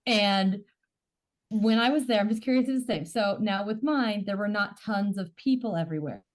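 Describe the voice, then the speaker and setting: Woman podcast host, mid-pitched, casual, inquisitive. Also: moderate pace. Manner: curious, searching for words. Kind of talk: casual chat.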